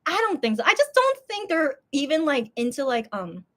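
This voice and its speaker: Animated young woman chatting on a livestream. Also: high-pitched, normal speed. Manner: animated, repeats words, many fillers. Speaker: livestream host. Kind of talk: casual live-stream chat.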